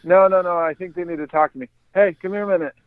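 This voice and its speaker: Guy doing a bossy cheeky little kid, higher pitched, sounds like a phone call, dry. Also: fast talker, smooth, dry recording, lightly acted. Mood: pushy. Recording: tinny phone-like line.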